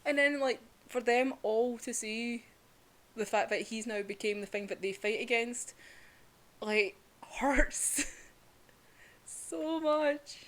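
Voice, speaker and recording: A woman's voice: fairly high pitch, steady tone, a little slow, fairly bright tone. A young woman giving a casual, emotional review of a manga, chatty, full of "like" and the odd swear word.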